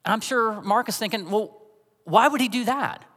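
A man's voice: sits high, moderate pace, a bit bright, pitched above the performer's own voice. A man voicing the apostle Peter as a plainspoken, folksy middle-aged storyteller, in a reverberant hall. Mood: chatty. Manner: chatty, folksy retelling.

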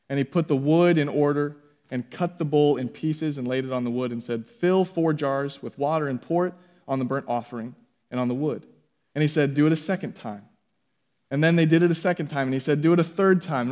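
A man preaching a sermon, reading scripture aloud with relaxed conversational asides. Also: on the high side. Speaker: pastor.

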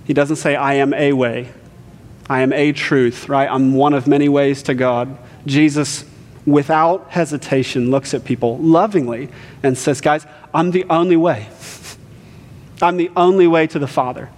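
A man's voice: mid-range voice, fairly even intonation, moderate pace, darkish tone. A man from Ohio, preaching a sermon in a conversational way and often checking in with "right?". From Ohio, US Midwest. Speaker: pastor. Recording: long hall reverb.

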